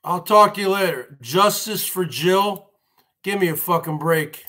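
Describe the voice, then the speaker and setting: A man's voice: high voice, unhurried, sharp tone. A man hosting a livestream, ranting in a rambling, repetitive monologue and often addressing his viewers as folks. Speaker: livestream host.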